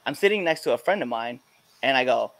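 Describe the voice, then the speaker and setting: A man's voice: medium pitch, expressive, fast, a bit bright. A man hosting a podcast in casual chat, telling stories with lots of laughter and acting out other people's lines. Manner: laughing storyteller who acts out quotes. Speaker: podcast host.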